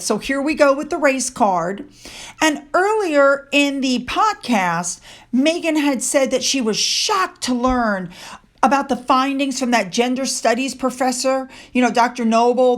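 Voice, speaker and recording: A woman with a high voice talks through the news in casual, opinionated commentary. She is sarcastic and indignant, reading out quotes and answering them with scorn. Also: lively intonation, unhurried. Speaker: commentary channel host.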